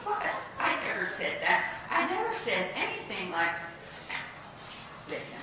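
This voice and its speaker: An actress playing a flighty young female aspiring singer who talks in an animated, giggly way, heard live on a stage. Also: medium pitch. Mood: chatty. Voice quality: animated, giggly, quick-changing. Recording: far, echoey, noisy stage capture.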